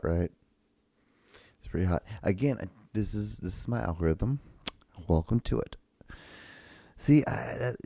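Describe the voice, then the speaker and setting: Deep gravelly guy riffing on clips, sarcastic and swears a lot. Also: no room sound. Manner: sarcastic, profane, deadpan rambling. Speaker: show host. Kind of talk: casual reaction vlog.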